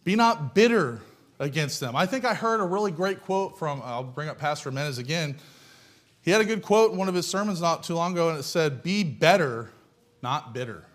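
Male preacher, high voice, folksy and blunt, pounds points home with rhetorical questions. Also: animated, a little fast, fairly bright tone. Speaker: pastor. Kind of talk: sermon.

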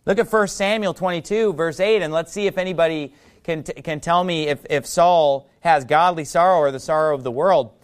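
A man's voice: a little high, brisk, clean tone. A male preacher teaching from the Bible in a sermon, reading scripture aloud and asking the audience questions.

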